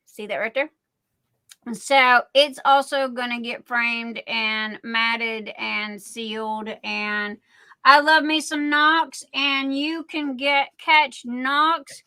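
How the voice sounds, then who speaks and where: A middle-aged woman hosting a casual livestream, telling stories in a rambling, excitable way. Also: sits high, drawn-out words, clean tone. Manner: rambling, excitable, chatty storytelling. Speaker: livestream host.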